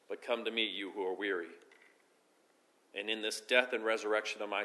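A man preaching a sermon as pastor, building to emphatic peaks and easing into soft, slow endings. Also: lowish voice. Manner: preaching with rising emphasis and soft, slow drops at phrase ends.

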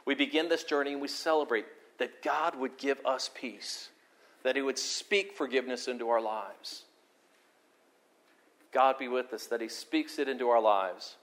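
A pastor preaching a sermon, earnest and storytelling, moving between forceful emphasis and quiet, intimate moments. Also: male voice, medium pitch, normal speed. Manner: animated storyteller, repeats words for emphasis.

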